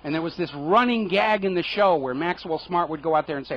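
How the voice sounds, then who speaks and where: A high-pitched male radio host delivers sarcastic, indignant political commentary. His voice comes through a dull, lo-fi broadcast recording. He jabs at his targets with mocking rhetorical questions. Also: fast, hardly any pauses. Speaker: radio talk show host.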